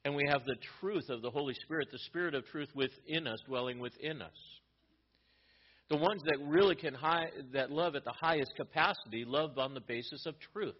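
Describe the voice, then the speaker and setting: A man's voice: fairly high pitch, brisk, highs cut off. A male pastor giving an explanatory sermon, teaching from a Bible letter with frequent restarts.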